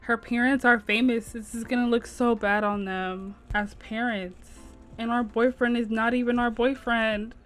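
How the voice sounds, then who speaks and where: A woman's voice: a little high, fairly even intonation, normal speed. A woman narrating her game playthrough in chatty, slangy commentary, talking straight to her viewers. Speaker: gameplay narrator. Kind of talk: let's play commentary. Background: game music.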